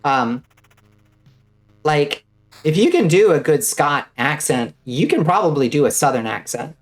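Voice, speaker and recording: Her voice sits low but swings widely in pitch as she speaks unhurriedly over soft music. She's a vtuber on a casual gaming stream, rambling to viewers with plenty of fillers and an occasional swear.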